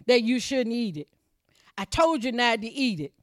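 Woman preacher, fervent sermon delivery, highish voice, dry sound. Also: very animated, normal speed, no echo. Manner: impassioned preaching, swings from loud calls to low asides; reads scripture aloud and comments between verses.

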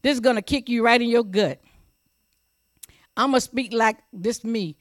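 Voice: medium pitch, moderate pace, no room sound, studio quality. A preacher delivering a sermon with emphasis, repeating key phrases and asking the audience whether they are paying attention. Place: church service also streamed online.

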